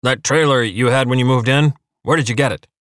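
Brief: man playing a blunt, growling old curmudgeon, mid pitch, dry close sound. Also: sing-song, fast, a bit bright, dry recording. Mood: gruff. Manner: gruff and blunt. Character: grumpy, stubborn older man.

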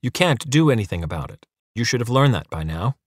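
A man voicing a calm, superior male council official who talks down to people. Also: medium pitch, brisk, dry recording, studio quality. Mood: smug. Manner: superior, unwavering.

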